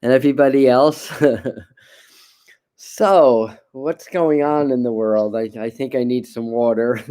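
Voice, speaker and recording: A man hosts a live tarot reading stream in a loose, chatty way, often restarting his sentences. His voice is mellow and warm, with a smooth, resonant tone. He sounds like he is talking into a desk mic at home. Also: medium pitch, slow pace, pauses often. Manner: relaxed, rambling, frequent restarts and repeated words. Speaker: tarot reader and livestream host. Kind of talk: casual live-stream talk.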